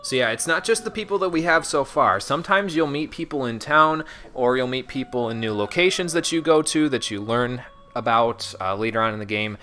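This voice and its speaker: A streamer with a mid-range, sharp-toned voice keeps up brisk let's-play chatter with few pauses and lively intonation. He sarcastically teases the game's characters over the music, and there's slight background noise.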